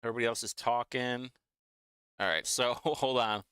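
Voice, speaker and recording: A man's voice: mid-range voice, fairly even intonation, moderate pace, pushed and bright, clean tone, no echo. A man hosting a casual live watch-along stream, talking in a chatty, mocking, rambling way.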